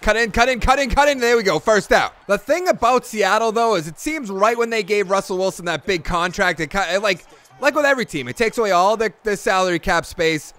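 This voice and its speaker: A high-pitched young man narrating his football game run as a let's play. He gets loud and excitable on big plays, then drops into grumbling complaints. His voice sits well above the usual male range. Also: fairly quick. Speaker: gaming YouTuber.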